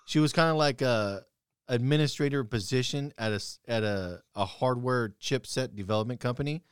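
A man's voice: medium pitch, normal speed, clear, resonant tone, dry recording, clean studio sound. A young man telling stories bluntly and profanely in casual chat, quoting his own heated retorts.

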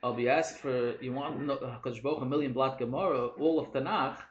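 A man leading a casual Torah study discussion, animated and questioning, mixing in Hebrew and Yiddish terms. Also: mid-range voice, quick pace, highs cut off. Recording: echoey room with faint noise.

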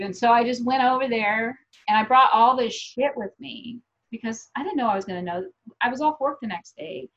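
A woman's voice: a little high, brisk. A woman guest in candid casual chat, telling blunt, profane stories. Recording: slightly dull lo-fi audio.

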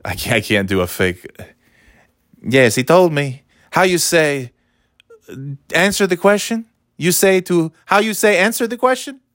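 A man mockingly voicing a woman who fakes a Spanish accent, halting and high-pitched. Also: level tone, a bit bright, no echo, studio quality.

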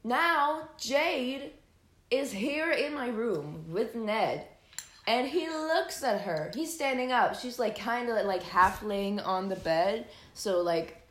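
A young woman hosting, telling a personal story casually, animated and full of fillers and swearing. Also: fairly high pitch, slow pace. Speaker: host. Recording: echoey room.

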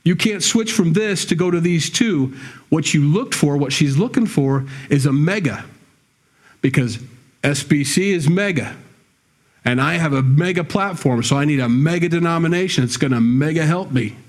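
A male pastor delivers a sermon to his congregation in a conversational preaching style. His voice sits a little high for a man, and he swings into emphatic, scolding bursts. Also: lively intonation, normal speed. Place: church sanctuary with a congregation.

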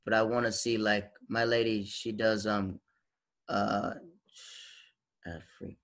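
A man in his thirties from the American South, chatting casually and telling animated stories. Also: on the low side, takes it slowly. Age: 30s. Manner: animated storyteller, acts out quoted voices. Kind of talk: casual chat.

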